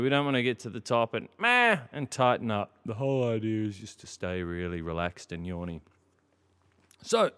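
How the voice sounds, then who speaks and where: A man leading a vocal warm-up lesson, calmly instructing and demonstrating sung scales. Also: lowish voice, smooth. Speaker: singing teacher.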